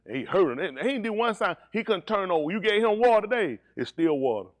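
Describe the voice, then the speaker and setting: A male pastor preaching a sermon, swinging between low, steady teaching and high, shouted preaching, teasing members of his congregation. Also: fast, no room sound.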